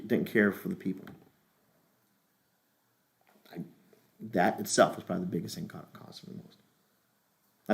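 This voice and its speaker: A middle-aged man, a pastor, teaching a leadership class in a casual, rambling, joking way with many restarts. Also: on the low side.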